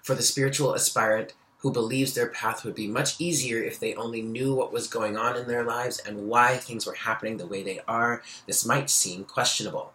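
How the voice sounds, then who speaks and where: A man giving a daily tarot card reading, reading card texts aloud and breaking into excited asides. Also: medium pitch, normal speed, few pauses. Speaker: tarot reader.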